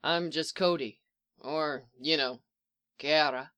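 A reader voicing a calm, possessive clone commander man with a low, dry teasing way of talking. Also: slow, smooth.

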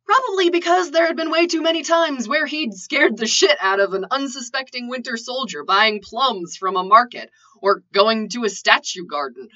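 A woman's voice: fairly high pitch, pushed and bright. A woman narrating a story in a playful way with joking asides, in a lo-fi recording. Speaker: reader. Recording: lo-fi dull recording.

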